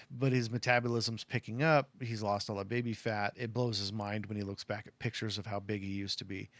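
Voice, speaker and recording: Middle-aged guy from arizona, kinda choked up, rambly storytelling, lower voice, dry sound. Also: no echo. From Arizona, USA. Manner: rambling, heartfelt, lots of "like" and "you know" fillers. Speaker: fan telling a personal story. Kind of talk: casual storytelling.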